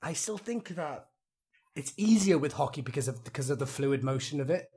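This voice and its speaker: A Welsh man, an actor guest, chatting casually on a podcast, rambling and animated, laughing often. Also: on the high side, a little fast, slightly rough. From Wales.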